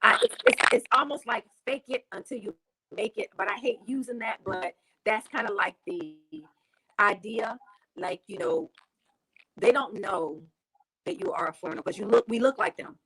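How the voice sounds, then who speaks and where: A woman's voice: on the high side, expressive, normal speed, vocal fry, bright, forceful tone, breathy edge, poor audio. American woman chatting as a guest on a remote call, lots of um and you know. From United States. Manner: chatty, frequent fillers and restarts. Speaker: interview guest. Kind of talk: casual interview talk.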